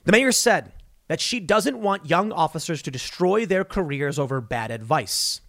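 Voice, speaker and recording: A man's voice: a little high, animated, moderate pace, a bit bright. A man giving opinionated political commentary, emphatic, firing rhetorical questions and mocking the people he quotes.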